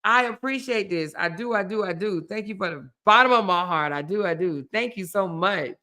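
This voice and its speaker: A woman's voice: mid-range voice, moderate pace, bright, forceful tone. A woman hosting a casual live stream, chatty and laughing often as she thanks viewers by name.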